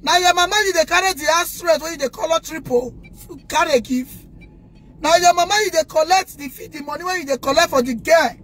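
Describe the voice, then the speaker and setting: A Nigerian woman rants straight to the camera with a very high, piercing voice. She scolds loudly and indignantly and keeps turning to her viewers to take her side. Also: a little fast. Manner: scolding, loud and indignant, addressing viewers directly. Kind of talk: impassioned rant to the camera.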